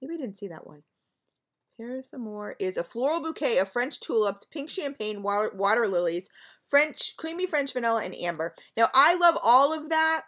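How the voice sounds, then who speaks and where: A woman's voice: on the high side, expressive, normal speed, a bit bright. A woman reviewing scented wax melts in a casual home vlog, chatty and gushing, talking straight to her viewers with frequent ums.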